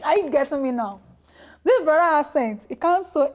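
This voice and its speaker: Here is a high, bright female voice with a Nigerian accent, quick and playful as she co-hosts a TV studio show. She banters with her co-host and keeps the segments moving. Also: a little hiss or hum. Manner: animated, laughing, playful asides. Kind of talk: lively studio chat.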